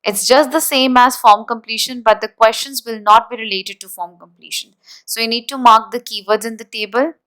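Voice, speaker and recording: A woman teaching an exam-prep lesson, explaining deliberately and spelling words out letter by letter. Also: a little high, steady tone, a bit bright, low-quality recording. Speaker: IELTS teacher.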